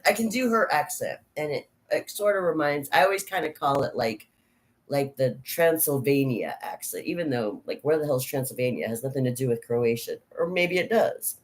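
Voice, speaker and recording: A woman's voice: low voice, lively intonation, normal speed. A woman talks to camera in a loose, personal vlog chat. She rambles, restarts her thoughts and laughs at herself a lot, with a frank, unguarded manner. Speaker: vlogger.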